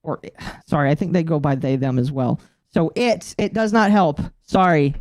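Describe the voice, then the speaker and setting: On a relaxed live stream, the host goes on a swear-filled, animated rant broken up by plenty of laughter. The medium-pitched voice moves at normal speed, and the recording is dry and studio quality.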